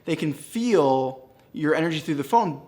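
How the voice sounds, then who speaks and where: An upbeat man coaching real estate agents on cold calls, speaking straight to the camera. His voice sits a little high for a man, and he keeps a smiling, energetic delivery while he stands. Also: a little slow. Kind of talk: direct-to-camera teaching. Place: standing in a room.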